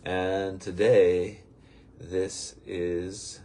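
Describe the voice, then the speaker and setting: A man with a very low, deep voice leads a daily spiritual lesson. He talks in a casual, rambling way, reflective and good-humored as he wanders from thought to thought. A faint noise sits under the recording. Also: steady tone, takes it slowly, a little mellow. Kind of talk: casual, meandering spiritual talk.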